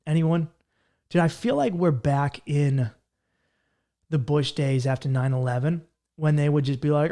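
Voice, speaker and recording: A man, hosting a solo comedy podcast, ranting in a profane, fast-talking way and jumping into mocking voices. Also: on the high side, dark tone. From Massachusetts. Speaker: podcast host.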